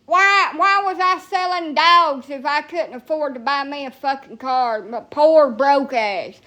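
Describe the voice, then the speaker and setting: High-voiced profane woman ranting. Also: a little slow, sharp tone. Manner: profane, heated, sassy, talks back to viewers. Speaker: livestreamer. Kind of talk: ranting live stream.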